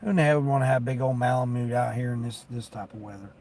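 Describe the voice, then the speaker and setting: A man's voice: mid-range voice, fast, darkish tone. A man streaming live while doing delivery driving, chatting in a rambling, folksy way and turning down orders aloud. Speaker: delivery driver livestreamer.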